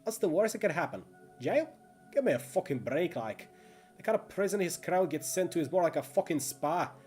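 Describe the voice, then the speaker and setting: A man's voice: medium pitch, normal speed, a little mellow, faint music behind, natural voice. A man voicing a wiry, crude and menacing small-time thug with a Dublin accent. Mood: sneering, menacing. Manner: crude, swaggering, sneering.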